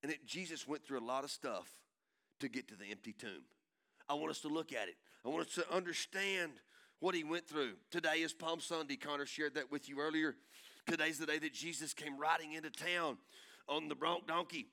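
Emphatic preacher man, high bright voice. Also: brisk, creaky. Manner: emphatic, repetitive, swells into shouting; folksy and country in tone. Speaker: pastor. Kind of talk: sermon.

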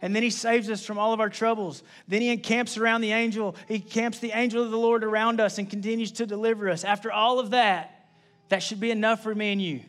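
A young adult man preaching a sermon in a casual, conversational way, repeating key phrases and adding quick asides. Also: high voice, fairly even intonation, fairly bright tone. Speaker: pastor.

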